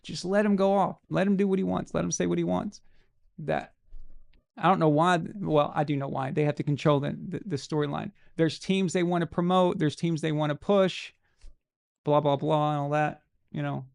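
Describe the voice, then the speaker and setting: A man hosts a live show, ranting bluntly and casually about sports and swearing freely. His fairly high voice carries a gravelly, fried edge and a steady tone at normal speed. The sound is dry and close, with no room sound.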